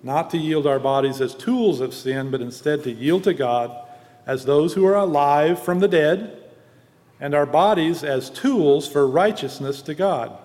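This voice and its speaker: A man preaching a sermon and reading scripture, earnest and teaching, slowing down for emphasis. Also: fairly high pitch, darkish tone. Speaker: pastor. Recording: long hall reverb.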